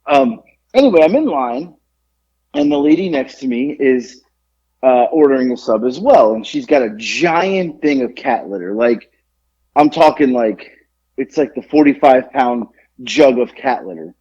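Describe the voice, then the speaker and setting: Animated husky man telling a story. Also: unhurried, highs cut off. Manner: animated storyteller, acts out quotes with big pitch jumps. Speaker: podcast co-host. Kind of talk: casual storytelling chat.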